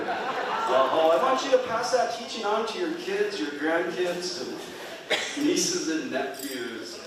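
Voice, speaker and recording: A man's voice: a little high, expressive, takes it slowly, noisy background. A man telling stories on stage in a folksy, chuckling way, heard from a distance in a large, echoing hall. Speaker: storyteller and musician. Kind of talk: live stage storytelling. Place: performing arts center stage. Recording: echoey hall from far off.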